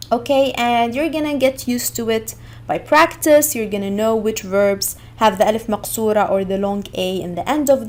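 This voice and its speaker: A woman from Egypt teaching an online language lesson, patiently repeating example words slowly and clearly. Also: on the high side.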